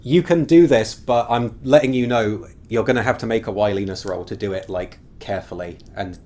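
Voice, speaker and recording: A man's voice: mid-range voice, brisk, mellow. A man running a tabletop game as game master, describing scenes at length with frequent fillers.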